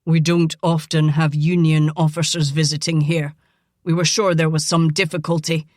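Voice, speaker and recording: A woman voicing a stern, blustering older father, lowering her voice to sound gruff and terse. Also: little pitch movement, normal speed, a little mellow, no echo, studio quality, close to an everyday voice. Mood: flustered.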